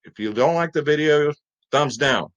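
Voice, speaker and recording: A man's voice: fairly high pitch, moderate pace, rough recording. A man hosting a fantasy sports picks video, talking in a hyped, chatty, salesy way.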